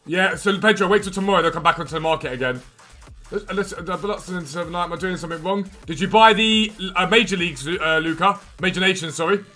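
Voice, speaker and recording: A man hosting a live game stream, chatting casually and quickly answering viewers' questions from chat. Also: high voice, sharp tone, faint music behind.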